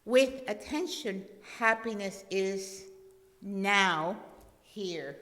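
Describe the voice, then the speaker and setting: A woman voicing a calm, serene old male Zen master who speaks slowly, quietly and without hurry. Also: mid-range voice. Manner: slow, hushed and unhurried. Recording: long reverb in a church hall.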